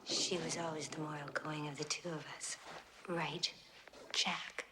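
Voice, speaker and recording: An actress playing a creepy, soft-spoken young woman who has killed with her twin, speaking quietly and coldly in a TV drama. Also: sits low, level tone, unhurried, slight background noise. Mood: cold hushed. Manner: quiet, cold and hushed.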